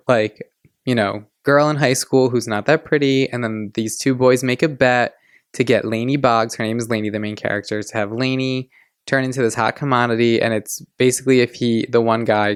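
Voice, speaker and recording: A man in his twenties hosts a casual podcast in an excitable, gushing manner. His voice is smooth and clear at a middle pitch. The sound is dry and close. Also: no room sound. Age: 20s. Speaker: podcast host. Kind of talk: casual chat.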